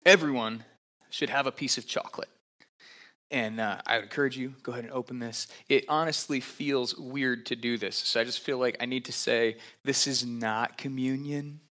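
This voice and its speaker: Man, pastor, conversational sermon, bright voice, middle pitch. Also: steady tone, brisk. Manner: conversational, with fillers and asides.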